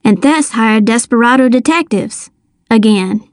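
A woman reading a first-person novel aloud with lively, expressive storytelling. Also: a little high, a little slow, dry recording, studio quality. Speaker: audiobook narrator. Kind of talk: scripted first-person narration.

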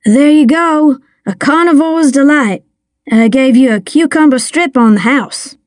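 Figure: nervous young boy , voiced by a woman. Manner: jumpy, eager, flustered. Pitch: high. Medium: audiobook. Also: measured pace, no echo, studio quality. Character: nervous young boy working a cafe counter. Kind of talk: audiobook character voice.

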